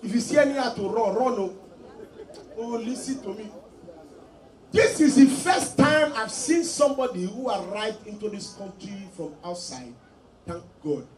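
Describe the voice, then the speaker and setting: A man doing stand-up comedy in Nigerian Pidgin English, acting out his characters in animated voices. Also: moderate pace, a faint crowd. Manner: animated, acts out characters in a shrill high voice. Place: live comedy show. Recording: roomy live venue, mic from a distance, audience noise.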